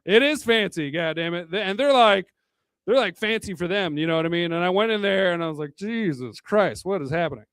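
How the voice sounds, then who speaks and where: Tipsy male stand-up comic with a high voice, crude and rambling, chuckles at his own jokes into a dry handheld mic. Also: a little fast, fairly bright tone, smooth, no room sound. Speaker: stand-up comedian. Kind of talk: stand-up comedy set. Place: bar hosting a live comedy night. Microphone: handheld microphone.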